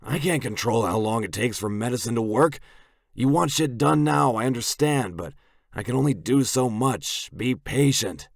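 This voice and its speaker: A man voicing a steady male biker-club doctor who is patient and level-headed, in an audiobook. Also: mid-range voice, moderate pace, gravelly, dry recording, studio quality, voice pushed up. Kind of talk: audiobook narration.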